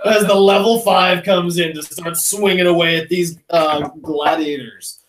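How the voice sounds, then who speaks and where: A man's voice: sits high, fairly even intonation, measured pace, a bit bright, reverberant. A man acting as dungeon master, narrating combat and running the turns of a tabletop game. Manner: runs the table, counts out moves, narrates combat.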